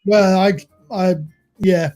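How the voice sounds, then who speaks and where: A man's voice: high-pitched, flat delivery, slow, darkish tone, faint music behind. A man hosting a live stream, chatty, self-mocking and easily exasperated. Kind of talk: casual live-stream chat. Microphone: video call stream mic.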